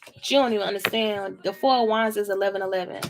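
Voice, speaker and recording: A woman's voice: medium pitch, fairly even intonation, quick pace, gravelly, over music. A woman giving a casual tarot reading to camera, talking in a blunt, chatty way with plenty of swearing. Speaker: tarot reader.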